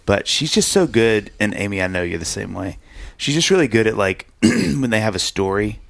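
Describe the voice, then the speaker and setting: Man, podcast co-host, low gravelly voice, dry close sound, animated storyteller. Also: normal speed, no echo. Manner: animated storyteller, acts out quotes. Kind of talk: casual podcast chat.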